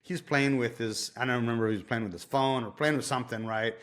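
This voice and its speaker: A man's voice: mid-range voice, steady tone, quick pace, fairly bright tone. Man telling stories casually. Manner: loose, profane, self-interrupting. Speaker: dog trainer, podcast guest. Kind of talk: casual storytelling.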